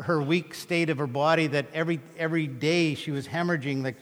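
A man preaching a sermon, telling Bible stories with animated, acted-out retellings of the scenes. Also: fairly high pitch, brisk, few pauses, long reverb tail. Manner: animated storytelling, acting out scripture scenes. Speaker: pastor.

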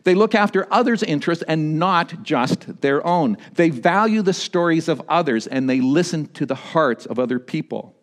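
A pastor delivering a sermon, swinging between emphatic high points and quieter, low-voiced storytelling. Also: male voice, normal speed, hardly any pauses. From Canada. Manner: animated preaching, rising to emphatic peaks and dropping low for stories.

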